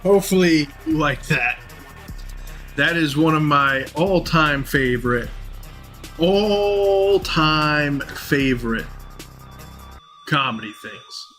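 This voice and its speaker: A man's voice: a little high, measured pace, pushed and bright, soft background music. A man casually commenting on a comedy clip during a stream.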